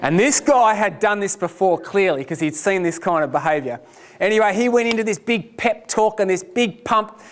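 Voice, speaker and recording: A man giving a lecture, telling a personal story in an animated, self-deprecating way. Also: high-pitched, normal speed, slight background noise.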